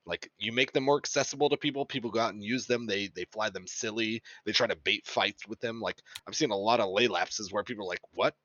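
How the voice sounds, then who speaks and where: A man's voice: fairly low pitch, fast talker, few pauses, fairly bright tone, dry recording. Blunt, insistent man on a dull mic. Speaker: panelist. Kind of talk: casual panel discussion.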